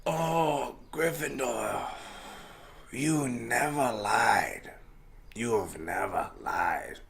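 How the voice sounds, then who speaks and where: A pompous old-fashioned nobleman, played by a man in a comic podcast sketch. He drawls in archaic, theatrical phrases at a slow pace. The tone is bright and pushed. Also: mid-range voice, lively intonation, creaky, full character voice. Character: pompous old-fashioned male lord savoring his pipe.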